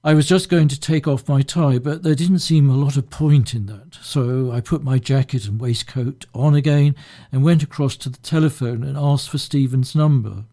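A man narrating an audiobook in a dry, measured, deadpan way. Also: mid-range voice.

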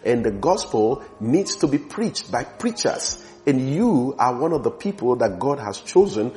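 A male preacher delivers a sermon in a mid-pitched voice, pressing hard on key phrases and letting others fall quiet. Soft music plays underneath him. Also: big pitch swings, measured pace. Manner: emphatic, swelling loud on key phrases and dropping low. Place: church.

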